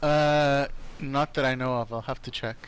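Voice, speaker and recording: A man's voice: mid-range voice, steady tone, normal speed, slight background noise. A man co-casting a live online game match, adding dry, joking remarks. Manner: wry, joking color remarks. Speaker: co-caster.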